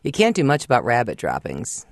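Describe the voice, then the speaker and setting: A man's voice: mid-range voice, wildly swooping pitch, brisk. A man who trains dogs, chatting on a radio call-in show and asking the caller questions. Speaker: dog trainer guest.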